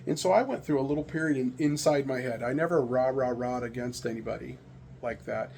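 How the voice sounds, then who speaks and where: A middle-aged American man talks in a loose, rambling way, full of fillers and restarts. His voice has a gravelly texture, with a faint hiss of noise behind it. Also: mid-range voice, a little fast, a little mellow. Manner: rambling, candid storytelling with frequent fillers. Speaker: vlogger sharing opinions. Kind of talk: casual monologue.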